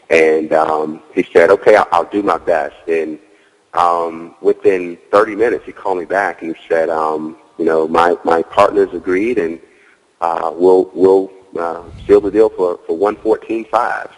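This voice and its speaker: A man's voice: low voice, fairly even intonation, unhurried, big-room sound, poor audio. A man as a guest in an interview, telling a story casually, leaning on "you know" and acting out his own dialogue. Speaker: guest, real estate wholesaler.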